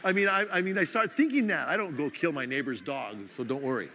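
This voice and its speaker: A man from the United States preaching a sermon in a casual, self-mocking way, acting out his own irritation in quick asides. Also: a little high, animated, bright, forceful tone, big-room sound, slight background noise. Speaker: pastor.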